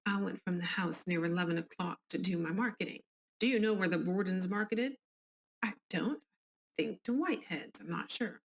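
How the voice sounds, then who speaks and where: An older neighbor woman answering questions at an inquest, read aloud by a woman with a Southern US accent. She has a lowish voice and gives plain, polite replies, like a court record read aloud. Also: moderate pace, close to an everyday voice.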